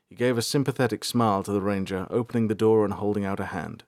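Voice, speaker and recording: A man reading a fantasy audiobook aloud in measured storytelling. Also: on the low side, darkish tone, no echo, studio quality. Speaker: narrator. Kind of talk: scripted audiobook narration.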